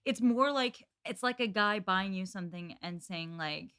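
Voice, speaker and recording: A woman guesting on a podcast, speaking at an ordinary middle pitch. She chats casually with wry, quick asides and playful quoted lines. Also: bright, forceful tone. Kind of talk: casual chat.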